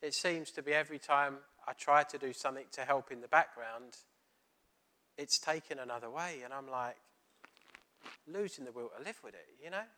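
A man's voice: medium pitch, normal speed. A middle-aged man giving a sermon, telling a story and acting out the dialogue. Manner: storytelling, animated, retelling dialogue. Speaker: preacher.

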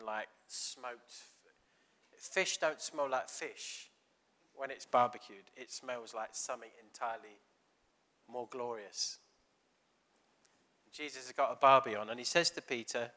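Bright-voiced man preaching animatedly. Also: medium pitch. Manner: chatty, animated storytelling with quoted dialogue. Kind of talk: sermon.

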